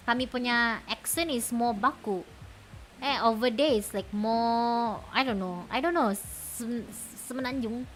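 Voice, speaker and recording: A woman's voice: on the high side, a bit bright, slight background noise. A young woman from Malaysia with a Malaysian accent, chatting on a stream in a giggly, rambling way. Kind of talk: casual chat stream.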